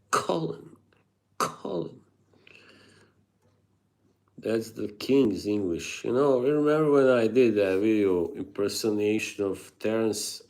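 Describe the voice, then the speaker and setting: A man's voice: fairly low pitch, a little mellow. A man live streaming, chatting casually with viewers, rambling, laughing often and reading chat aloud.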